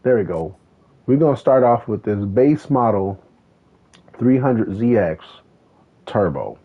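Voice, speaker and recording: A man's voice: lowish voice, lively intonation, measured pace, slightly rough. A man streaming a racing game, chatting casually and telling a rambling story with lots of swearing. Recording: tinny phone-like sound.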